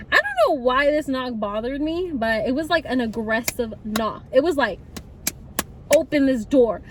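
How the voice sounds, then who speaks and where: Young woman, high bright voice, chatty storytime delivery, faint road noise behind. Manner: chatty, animated, laughs often. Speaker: vlogger. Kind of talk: casual storytime.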